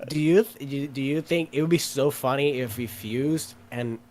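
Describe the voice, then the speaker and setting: A man co-hosting a podcast in relaxed chat, agreeable and quick to laugh, with stumbling restarts. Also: mid-range voice, slight background noise. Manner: easygoing, agreeable, frequent fillers and laughter. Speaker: podcast co-host. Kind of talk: casual chat.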